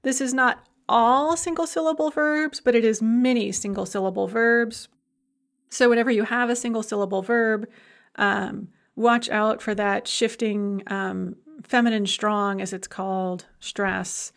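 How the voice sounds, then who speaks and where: A woman instructor records a lecture over slides. Her voice sits a little high. She explains methodically and slows down over each example word. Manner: patient, methodical explanation with slow, careful example words. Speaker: language instructor.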